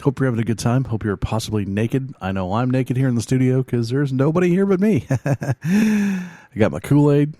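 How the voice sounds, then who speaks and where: A man hosts a music show from a studio, rambling and joking through his thoughts with plenty of ums and restarts. His voice sits at an ordinary middle pitch. The sound is close and dry, with no room around it. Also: quick pace, hardly any pauses, warm tone, no room sound. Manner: meandering, jokey, many fillers and restarts. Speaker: radio show host reviewing bands. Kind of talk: casual rambling chat. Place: studio, alone.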